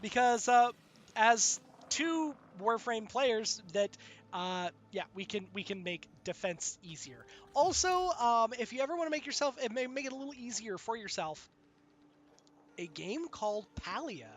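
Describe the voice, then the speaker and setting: High-voiced man chatting halting on stream. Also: big pitch swings, slight background noise. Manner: halting, many restarts and fillers. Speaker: game streamer. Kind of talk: casual chat while gaming.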